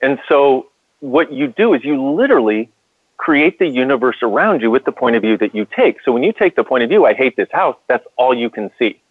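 Here the earnest male co-host of a call-in radio show speaks briskly in a mid-range voice with lively intonation. His storytelling is full of restarts, and the sound is tinny, narrow phone audio that's dead dry with no room ambience.

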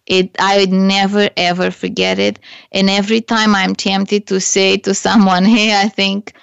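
A woman's voice: mid-range voice, little pitch movement, normal speed, vocal fry, smooth, no room sound, highs cut off. A woman hosting a business coaching show, talking earnestly through her own stories, with hesitant restarts. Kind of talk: solo advice talk to camera.

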